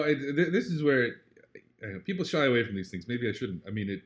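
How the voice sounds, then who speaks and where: A man being interviewed, talking in an earnest, reflective way. He often checks in with "right?" and grows animated when he retells a story. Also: fairly low pitch, brisk. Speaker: interview guest. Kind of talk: casual conversational interview.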